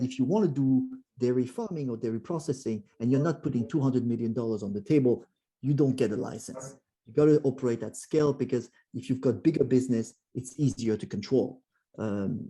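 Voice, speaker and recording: A man's voice: mid-range voice, breathy edge. A man with a French accent giving a presentation to a club, often restarting and acting out quoted voices. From France. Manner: frequent fillers and restarts, animated quoted voices. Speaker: guest speaker.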